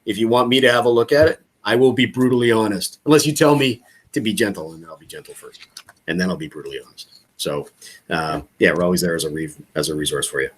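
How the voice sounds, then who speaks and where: Husky, joking male coach. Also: low-pitched, fast. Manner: casual, joking, animated when acting out calls. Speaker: real estate coach. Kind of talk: coaching session on a video call.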